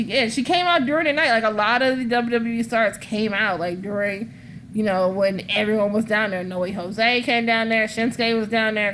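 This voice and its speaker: A woman's voice: a little high, fairly bright tone, slight background noise. A woman hosting a podcast, telling rambling stories in casual chat, swearing freely and laughing often. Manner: rambling, profane storytelling. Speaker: wrestling podcast host.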